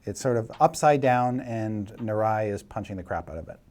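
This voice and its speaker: A man's voice: fairly low pitch, darkish tone. Middle-aged male game master, vivid tabletop narration, chuckles through the scene. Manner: vivid, laughing narration with filler pauses. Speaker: dungeon master.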